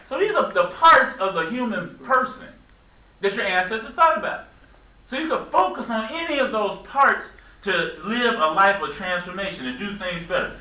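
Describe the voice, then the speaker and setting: A man's voice: high voice, bright, forceful tone, far from the mic. A man preaching and teaching a small congregation, drawing call-and-response and joking along the way. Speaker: minister. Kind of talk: teaching sermon. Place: worship hall with congregation. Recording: echoey room, taped from afar.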